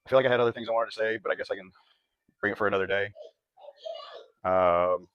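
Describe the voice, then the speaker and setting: Young man, bodybuilder vlog, rapid talk, lowish voice, earnest, self-correcting, dry close sound. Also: steady tone, clear, resonant tone, no echo, highs cut off. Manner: earnest, often correcting himself mid-sentence. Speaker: competitive bodybuilder and vlogger. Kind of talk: reflective vlog talk to camera.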